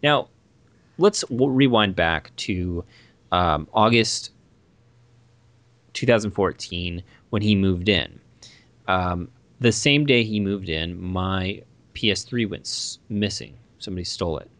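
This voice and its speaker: A young man chatting casually, telling a rambling roommate story with lively asides. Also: deep voice, takes it slowly, no echo. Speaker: guest storyteller. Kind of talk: casual chat.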